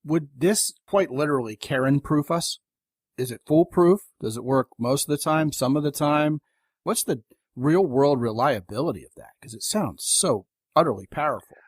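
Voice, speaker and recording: A man's voice: on the high side, breathy edge, no echo, clean studio sound. Jokey enthusiastic male podcast host. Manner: jokey, enthusiastic, quick banter. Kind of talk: casual podcast interview.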